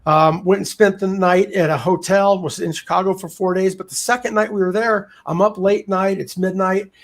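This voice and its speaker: Man, high voice, energetic candid storyteller, podcast guest. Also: moderate pace. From United States. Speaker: podcast guest, real estate investor. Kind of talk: casual storytelling interview.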